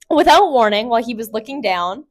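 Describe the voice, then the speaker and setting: A woman's voice: fairly high pitch, animated, normal speed. A young woman co-hosting a podcast, chatting casually and reading a story aloud, often breaking into giggles. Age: young adult. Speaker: podcast co-host.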